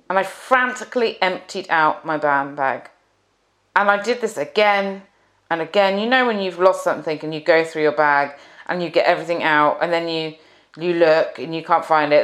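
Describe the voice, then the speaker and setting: A woman coach telling a personal story in a confessional monologue, drawing out key words unhurriedly. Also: lowish voice. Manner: confessional, recounting her own negative thoughts. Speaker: relationship coach.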